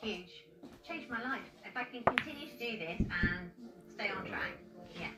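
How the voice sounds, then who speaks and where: A woman who owns the dog, speaking quietly and earnestly about the training on a TV show. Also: mid-range voice, animated, normal speed. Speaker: dog owner. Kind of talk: TV interview and chat. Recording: roomy distant TV audio with loud music.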